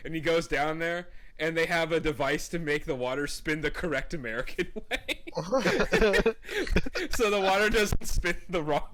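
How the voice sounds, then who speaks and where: Bright-voiced man in casual podcast chat. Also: fairly high pitch, measured pace. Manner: laughing, loose and profane. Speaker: podcast co-host.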